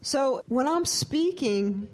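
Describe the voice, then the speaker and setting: This woman's voice sits high and is slightly mellow, animated yet slow in pace. Directing a choir, she teaches a live group to sing vowels interactively, questioning them and singing quick demonstrations.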